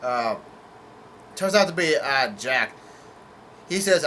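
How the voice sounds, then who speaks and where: A man's voice: mid-range voice, animated, takes it slowly, long pauses, bright, forceful tone, a little hiss or hum. A man casually reading through and summarizing a comic chapter, hesitant, with many fillers and self-corrections. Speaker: manga chapter reader. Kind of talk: casual manga read-through.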